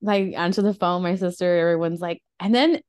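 A woman's voice: lowish voice, a little fast, a little mellow, clear, resonant tone, dry recording, studio quality. A young woman hosting a casual podcast conversation, rambling with fillers and nervous laughs. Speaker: podcast host. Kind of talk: casual conversation about grief.

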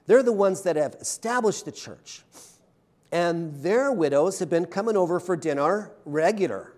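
A male pastor delivers a conversational sermon in a high, animated voice at normal speed, with a slightly mellow tone. He's chatty and self-deprecating, often checking in with the congregation through frequent "right?" tags.

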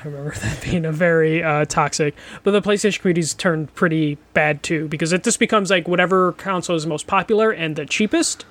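Male gaming podcast co-host, slightly raised pitch, casual and profane, quick to laugh. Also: a bit bright, dry recording. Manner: laughs often, blunt and profane. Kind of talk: casual chat.

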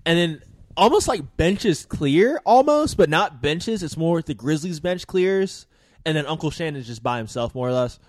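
A man's voice: on the high side, animated, moderate pace, no echo. A man co-hosting a podcast, chatting casually about sports news in a loose, rambling way with slang and lots of fillers. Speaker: podcast co-host.

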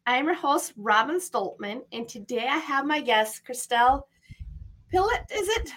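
A woman's voice: sits high, animated, normal speed, a bit bright. A woman hosting a podcast interview, chatting in an effusive, enthusiastic way. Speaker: podcast host. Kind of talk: casual interview chat.

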